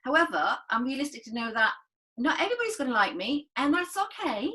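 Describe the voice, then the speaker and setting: A woman's voice: high-pitched, very animated, fast, bright, forceful tone, poor audio. A woman co-hosting a casual chat podcast, rambling and restarting her sentences, laughing often. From northern England. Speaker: podcast co-host.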